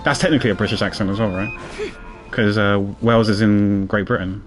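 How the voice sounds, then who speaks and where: Male streamer, low voice, rambling casual commentary over gameplay. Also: fairly even intonation, fairly quick, faint music behind. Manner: rambling, repeats words, chuckles often.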